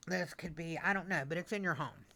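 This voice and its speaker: A woman's voice: fairly low pitch, fairly quick. A chatty woman in her sixties reading tarot. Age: 60s. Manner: animated, repetitive, emotional. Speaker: tarot reader. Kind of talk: casual channeled tarot reading. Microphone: mic that she moves away from at times.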